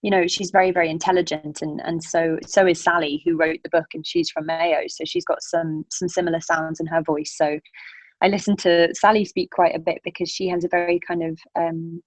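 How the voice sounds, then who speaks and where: Young woman, low voice, dry close sound, rambling podcast guest, lots of ums. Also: flat delivery, a little fast, dry recording, low-quality recording. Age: young adult. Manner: rambling, hesitant, many fillers and restarts. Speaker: actress guest. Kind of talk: casual interview chat.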